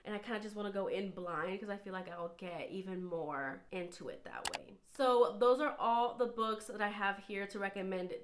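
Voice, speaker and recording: A woman's voice: mid-range voice, normal speed, few pauses. Chatty, gushing woman book vlogger. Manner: chatty, gushing, frequent fillers like "like". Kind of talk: casual book recommendation vlog. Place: indoors at home, under a filming light.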